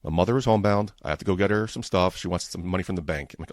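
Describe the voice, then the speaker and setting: Deep-voiced man ranting on his podcast. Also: very fast, no room sound, clean studio sound. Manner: frustrated, profane ranting. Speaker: podcast host. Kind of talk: casual storytelling monologue.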